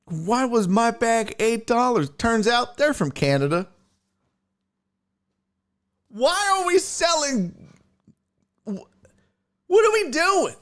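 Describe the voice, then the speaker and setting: A man with an extremely high-pitched voice speaks slowly, with long pauses. He's a sports talk show host on a casual livestream, ranting and telling stories with lots of cursing while answering viewer chat in animated, profane rants.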